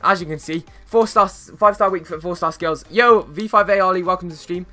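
A young man livestreaming a football video game, talking in a slangy, easygoing way to his chat. His voice sits a little high and comes across bright and forward. Faint music plays behind him. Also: fairly quick. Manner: chatty, slangy, greets viewers, bursts of excitement at plays. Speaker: gaming streamer. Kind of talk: casual live-stream chat while playing.

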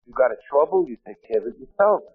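A man's voice: medium pitch, very animated, quick pace, breathy edge, no echo. A man from Brooklyn, telling his story as a speaker at a meeting in a blunt, wisecracking way. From Brooklyn, New York. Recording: tinny lo-fi 1970s tape, dry.

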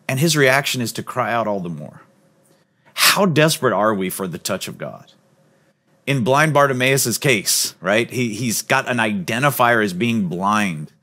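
A man preaching a sermon as pastor, earnest and emphatic, sometimes dropping to a soft, low voice. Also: expressive, measured pace. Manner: drops to a soft, low voice on key points.

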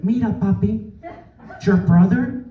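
A man voicing his sweet, naive, older Latina mother, calling him by Spanish pet names in a gentle, motherly way. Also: high-pitched, takes it slowly, pitched above the performer's own voice. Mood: sweetly innocent. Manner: sweetly innocent, motherly, sprinkled with Spanish endearments. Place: golf club event room, live before a crowd. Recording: roomy distant dull live recording, loud crowd laughter.

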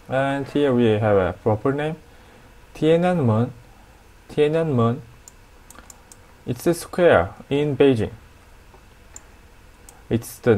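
A man with a Turkish accent teaching a language lesson at a whiteboard, explaining slowly and repeating each new word. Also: mid-range voice, warm tone.

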